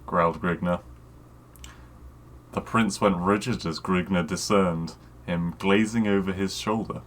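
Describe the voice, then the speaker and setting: A man co-hosting a casual podcast, reading a fantasy story aloud in a deliberate way and swearing and joking between passages. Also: deep voice, fairly even intonation, a little hiss or hum. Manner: reads deliberately, swears freely, laughs often. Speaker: podcast co-host.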